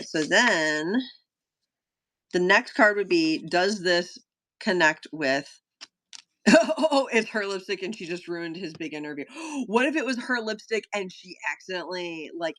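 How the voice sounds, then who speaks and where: A woman streaming a playtest of her solo journaling game, talking casually to her chat, full of fillers, gasps and sudden bursts of excitement. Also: on the low side, slight background noise. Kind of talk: casual live-stream thinking aloud.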